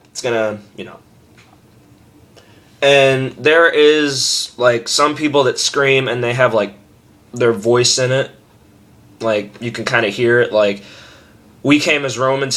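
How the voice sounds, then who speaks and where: Brief: young guy, home webcam tutorial, offhand and self-mocking, breaks into harsh screams. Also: medium pitch. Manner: rambling, self-deprecating, with loud demo screams. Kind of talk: casual vlog tutorial.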